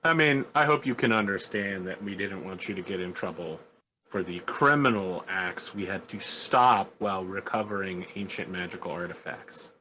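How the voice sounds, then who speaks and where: A man's voice: low voice, moderate pace, pushed and bright, a little hiss or hum, poor audio. A man voicing a blunt, businesslike male adventurer in a tabletop game, asking straightforward questions.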